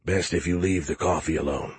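A man voicing a blunt, quiet-spoken older army general in an audiobook. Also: deep voice, normal speed, slightly rough, no echo. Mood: stern. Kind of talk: audiobook character voice.

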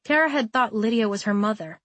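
A woman's voice: fairly high pitch, a little fast, a bit bright, no echo. Woman narrating, close and dry. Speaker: audiobook narrator. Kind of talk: scripted narration.

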